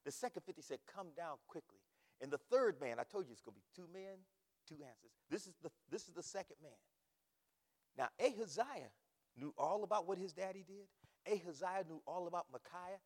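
A man preaching a sermon from the pulpit, repeating words emphatically and rising to shouts. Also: high voice, big-room sound. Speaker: pastor. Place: church sanctuary.

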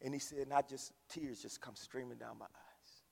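A man preaching a sermon, swinging from hushed storytelling to shouted climaxes. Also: mid-range voice, steady tone, normal speed, vocal fry, husky. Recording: long reverb of a large hall.

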